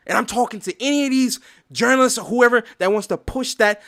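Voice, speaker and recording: A man with a notably high-pitched voice hosts a gaming podcast. He talks in a heated, profane rant and keeps reading dictionary definitions aloud to drive his argument home. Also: a little fast, a bit bright. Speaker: podcast host.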